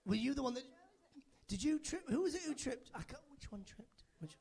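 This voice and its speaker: Lively, high-pitched stand-up comedian man. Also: fairly quick, vocal fry, slightly rough. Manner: chatty, teasing, playful crowd banter. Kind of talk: live stand-up with crowd work.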